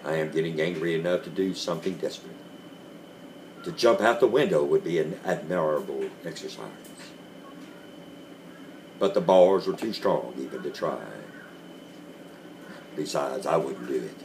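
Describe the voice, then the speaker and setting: A man giving a dramatic reading of a classic story, slow and deliberate with dramatic pauses. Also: extremely low pitch, darkish tone, slight background noise. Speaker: reader.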